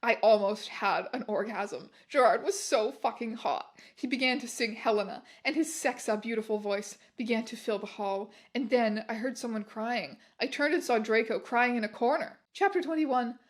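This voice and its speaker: High-voiced woman in a comic dramatic reading. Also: normal speed, few pauses. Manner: over-the-top delivery, bursts of shouting and laughter. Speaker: YouTuber reading fan fiction aloud.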